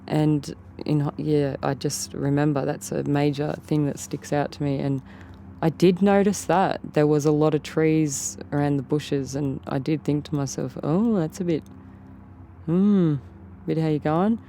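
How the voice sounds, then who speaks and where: A woman's voice: low-pitched, little pitch movement, moderate pace, mellow, a little hiss or hum. A woman with an Australian accent, telling an interviewer a story in a rambling way and often repeating and rephrasing herself. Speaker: interview guest. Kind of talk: casual storytelling.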